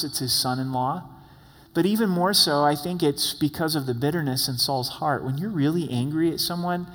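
A man preaching an expository sermon in a casual, conversational way, with asides and repeated words. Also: fairly high pitch. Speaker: pastor. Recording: long hall reverb.

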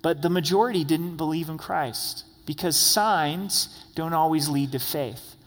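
A man's voice: fairly high pitch, unhurried. Man preaching in a reverberant hall. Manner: earnest, conversational, rising to emphatic questions. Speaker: pastor. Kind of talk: expository sermon.

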